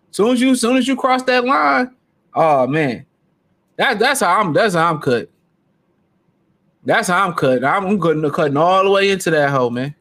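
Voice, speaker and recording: A man's voice: high-pitched, a bit bright. A man hosting a solo podcast, ranting casually with brash, profane trash talk. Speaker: podcast host.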